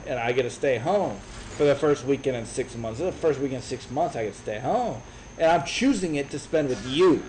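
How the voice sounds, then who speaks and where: A man in his thirties telling a brash, profane story in a casual, animated way. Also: mid-range voice, a little hiss or hum, poor audio. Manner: brash, profane, animated retelling with quoted voices. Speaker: streamer.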